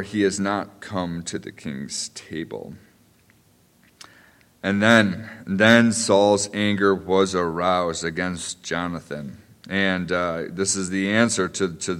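Man, low voice, preaching, chatty with restarts, long hall reverb. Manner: conversational, many restarts and asides. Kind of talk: sermon.

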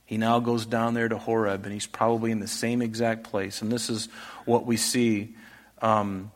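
A man preaching an earnest sermon, posing rhetorical questions and swinging between loud, emphatic lines and soft, hushed ones. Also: fairly low pitch, little pitch movement, normal speed. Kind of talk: expository sermon.

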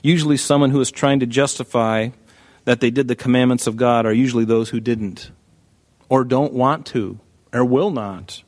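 A male pastor preaching an animated sermon, acting out Bible figures as he goes. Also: medium pitch, moderate pace.

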